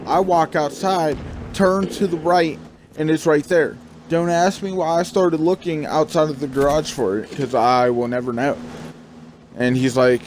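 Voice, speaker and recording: A man's voice: on the high side, fairly even intonation, measured pace, a little mellow, a little hiss or hum. A young man casually telling a rambling personal story over gameplay, acting out his own panicked thoughts and swearing now and then. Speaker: gaming vlogger.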